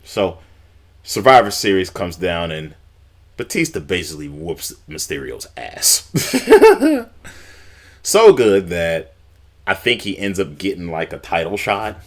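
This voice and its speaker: A man's voice: deep voice, animated, a little slow. A man casually recapping old wrestling storylines, rambling and swearing now and then. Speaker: wrestling YouTuber.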